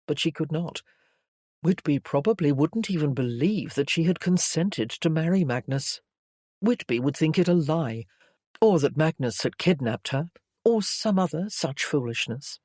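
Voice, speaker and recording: A woman reading a historical romance novel aloud in a measured storytelling manner. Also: low voice, lively intonation, a little mellow, no room sound, studio quality. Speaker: audiobook narrator. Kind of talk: scripted romance narration.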